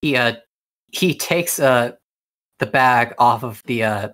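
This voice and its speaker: A man serves as game master, narrating a tabletop scene at a slow pace. He halts often to find the next word. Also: medium pitch, sharp tone. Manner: unhurried, halting narration with fillers.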